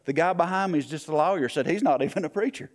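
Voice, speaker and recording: A man's voice: fairly high pitch, fast talker. A man, telling a story in a sermon in a folksy way, repeating "he said" and "I went".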